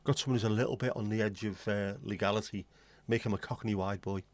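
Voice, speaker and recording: This man from England, in his forties, talks quickly in a lowish voice with fairly even intonation. Hosting a livestream in a casual chat, he's opinionated and blunt, rambling through a string of asides.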